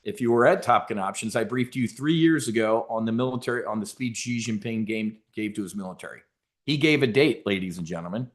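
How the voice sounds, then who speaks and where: A man's voice: fairly low pitch, fairly quick. A middle-aged man hosting a market briefing for trading members, brash and emphatic, with frequent fillers and restarts.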